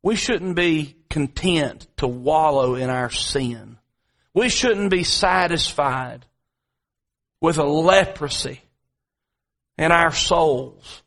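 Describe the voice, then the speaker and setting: A man preaching a sermon, telling a story from home and then building to repetitive, dramatic appeals with slow, drawn-out emphasis. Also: a little high, fairly bright tone. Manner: dramatic preaching, swings between drawn-out emphasis and quick asides; repetitive, rhetorical delivery.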